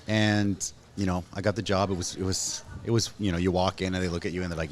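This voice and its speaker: A Canadian man in his thirties hosting a casual chat, telling stories with animated acted-out quotes. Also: sits low, fast talker. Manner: animated storyteller, acts out quotes. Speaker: host.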